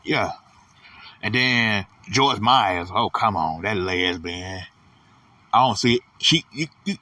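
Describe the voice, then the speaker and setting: A man's voice: on the low side, lively intonation, slow pace, pushed and bright, no echo, distant mic. A man delivering a blunt, profane, repetitive casual ranting monologue as host of his own channel.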